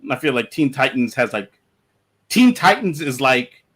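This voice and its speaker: A man's voice: medium pitch, big pitch swings, a little slow, fairly bright tone, a little hiss or hum. A man chatting on a comics podcast panel over an online call, rambling with lots of fillers and restarts. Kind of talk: casual panel discussion.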